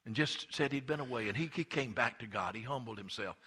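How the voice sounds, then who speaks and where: Fervent preacher, husky forceful man. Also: medium pitch, brisk. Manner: impassioned storytelling preacher, swings from hushed to emphatic. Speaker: pastor. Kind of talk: sermon.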